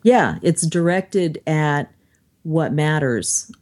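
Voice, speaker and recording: Chatty woman with a dark, mellow voice. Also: low voice, drawn-out words. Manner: chatty, animated when quoting others. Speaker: podcast co-host. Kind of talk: casual discussion.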